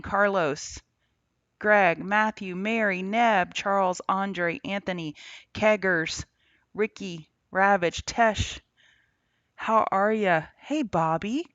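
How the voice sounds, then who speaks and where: A chatty woman hosts a live market prep stream and greets her chat viewers by name between setups. Her voice sits at a middle pitch. The sound is dry, dull and a bit lo-fi. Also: a bit bright, no echo. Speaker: trading show host. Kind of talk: casual livestream market commentary. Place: on the road, remote setup.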